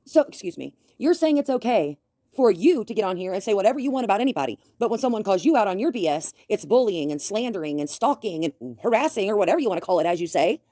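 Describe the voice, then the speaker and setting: A woman rants at someone, scolding and confrontational, with a slight lisp from a bitten tongue. Her voice is mellow and dark, and the recording is close and dry with no room sound. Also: mid-range voice, very animated, quick pace, no room sound. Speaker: commentary YouTuber. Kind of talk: ranting commentary.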